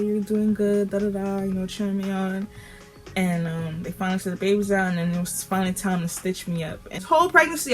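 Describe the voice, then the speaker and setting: A woman's voice: medium pitch, a bit bright. A young woman vlogger telling a story casually, full of slang and fillers and rising with emotion.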